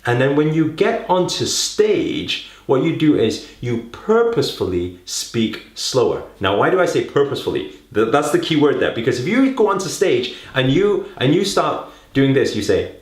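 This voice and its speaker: A man coaches public speaking straight to the camera, his pitch swooping up and down as he talks. He keeps coaxing his listeners with questions and tags like "right?". His voice rings in an echoey room. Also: very animated, normal speed, hardly any pauses. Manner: coaxing, fills talk with rhetorical questions and "right?". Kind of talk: direct-to-camera teaching.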